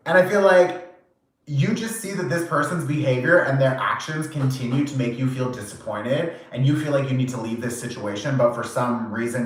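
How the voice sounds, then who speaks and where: A man giving a channeled tarot reading, animated and casual, acting out quoted reactions, swearing now and then and laughing often. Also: mid-range voice. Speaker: tarot reader. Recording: very echoey room.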